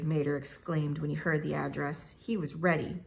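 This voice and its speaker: A woman reading a children's storybook aloud in a measured, expressive way. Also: sits low, creaky, a little hiss or hum. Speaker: narrator.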